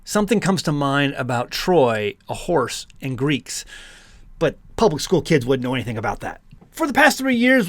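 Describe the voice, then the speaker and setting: A man from the United States reads an article aloud, his pitch swinging widely and his tone sliding into sarcastic asides between passages. His voice sits a little higher than most men's. The recording is close and dry, with almost no room sound. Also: a bit bright, no room sound. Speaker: homesteading channel host. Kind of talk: reading an article aloud with commentary.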